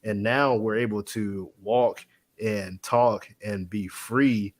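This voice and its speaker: A man's voice: on the low side, fairly even intonation, takes it slowly. A man speaking as a guest in a casual faith-based conversation, telling a story with energy, acting out quotes and laughing easily.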